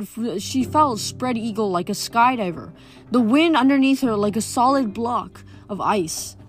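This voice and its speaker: A woman reads a novel aloud and pauses to chat about the chapter. She often stumbles and restarts her words, in a fairly high voice. Soft music sits faintly behind her. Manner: stumbling, self-correcting. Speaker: book reader. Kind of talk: reading a novel aloud with commentary.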